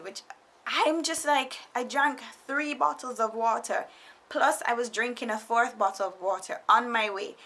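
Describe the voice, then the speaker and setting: A young woman recounts a story for her vlog in a casual, animated way. Her voice is bright and a little high, and she often laughs and slips into playful voices when she quotes people. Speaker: vlogger. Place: foreigner living in Japan.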